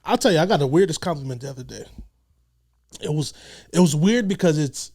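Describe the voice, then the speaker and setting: A man's voice: on the high side, expressive, brisk, darkish tone, husky. A man hosting a podcast in casual chat, asking questions and laughing easily. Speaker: podcast host.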